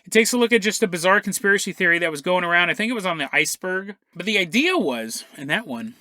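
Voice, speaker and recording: A man's voice: sits high, animated, quick pace, pushed and bright, dry recording, clean studio sound. A man hosting a podcast, telling a story in a jokey, rambling way and laughing often as he goes. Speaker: podcast host. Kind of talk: comedic storytelling monologue.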